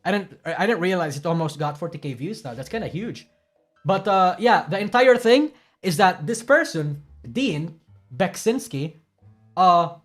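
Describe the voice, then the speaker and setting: A man casually commenting as a streamer reacting to clips, profane, rambling and self-deprecating. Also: high-pitched.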